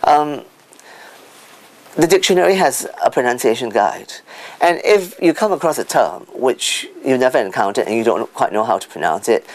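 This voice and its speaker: A man answering interview questions as an expert guest, teaching word stress by sounding out examples, with lively pitch swings. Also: rough recording.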